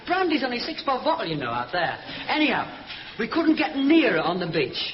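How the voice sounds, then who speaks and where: An actor playing a cheeky young Northern English lad with a Northern English accent, telling a mocking story in a vintage broadcast sitcom. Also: male voice, extremely high pitch, wildly swooping pitch, brisk, crowd noise, heavily acted. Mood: teasing. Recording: noisy dull archive audio.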